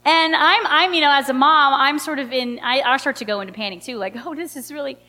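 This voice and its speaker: High bright-voiced woman telling a story. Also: a little fast. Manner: animated, chatty, many fillers. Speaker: mother telling a personal story. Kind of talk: personal storytelling. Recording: long hall reverb.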